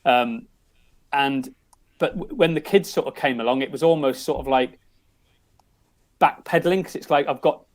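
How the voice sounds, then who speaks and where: A man's voice: mid-range voice, normal speed, long pauses. A middle-aged man with an English accent, a podcast guest telling family stories in a loose, rambling way full of restarts. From England. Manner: rambling, many restarts and "you know"s. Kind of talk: casual storytelling.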